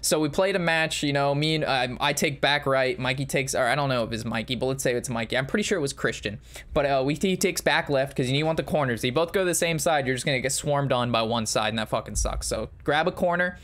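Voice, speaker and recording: A man's voice: medium pitch, fast talker, a bit bright. A man streaming and telling stories in a casual, rambling and profane way. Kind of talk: casual storytelling while streaming.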